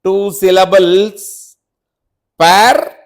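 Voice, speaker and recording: Slow, deliberate Indian-accented male teacher. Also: sits high, fairly even intonation. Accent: Indian English. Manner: slow, spells words letter by letter. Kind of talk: spelling lesson for children.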